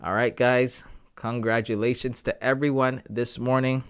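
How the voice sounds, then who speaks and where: A man's voice: medium pitch, flat delivery, a little slow, smooth. Young man thinking aloud to his chat. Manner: thinking aloud, talks to chat with "guys" and "bro". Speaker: trading livestream host. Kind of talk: casual live commentary.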